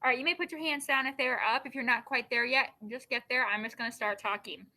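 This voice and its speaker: Bright high-voiced woman teacher. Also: fast talker. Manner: explains with everyday examples, checks in with "okay?"; firm classroom directions. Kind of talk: classroom lesson.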